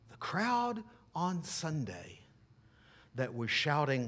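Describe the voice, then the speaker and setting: A pastor preaching in a slow, measured cadence. He leans hard on key words and then drops to a hushed tone. He ends by leading a prayer. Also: medium pitch, big pitch swings. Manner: emphatic preaching with wide swings from loud to hushed. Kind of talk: sermon with closing prayer.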